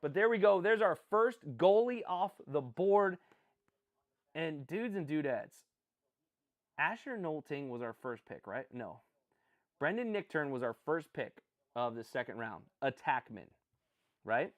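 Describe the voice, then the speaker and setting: A man's voice: a little high, very animated, measured pace, pauses often, narrow, tinny audio. A man hosting a casual live stream, rambling, making jokey asides and answering viewers as he reacts to picks. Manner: rambling, jokey, self-deprecating, chats with viewers. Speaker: livestream host.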